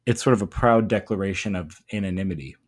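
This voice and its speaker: A man's voice: low-pitched, fast, breathy edge. A man talking through a poem in a thoughtful, explanatory way, as a teacher giving a lesson. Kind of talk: poetry lesson talk.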